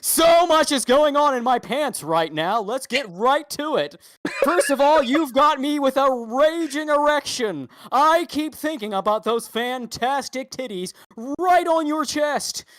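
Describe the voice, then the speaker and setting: A podcaster putting on a booming sleazy male newscaster. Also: expressive, unhurried, fairly bright tone, dry recording. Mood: lewd, bombastic. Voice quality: booming announcer delivery. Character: over-the-top male newscaster doing dirty talk. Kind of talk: comic impression in podcast chat.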